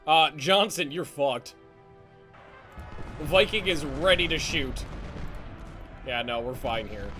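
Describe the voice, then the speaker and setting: A fairly high, bright and forceful male voice running commentary over a live strategy game stream. He stumbles and restarts his sentences and swears casually. He shouts orders at his units, and faint music plays underneath. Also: animated. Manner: barks quick orders to units, voice jumps up when alarmed.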